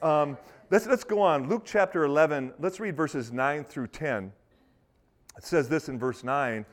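Animated, conversational man preaching. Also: a little high, measured pace. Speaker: pastor. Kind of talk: sermon.

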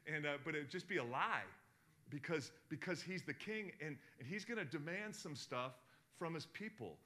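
A middle-aged man preaching a sermon, asking the congregation questions and swinging from hushed to loud. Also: a little high, expressive, normal speed. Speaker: pastor.

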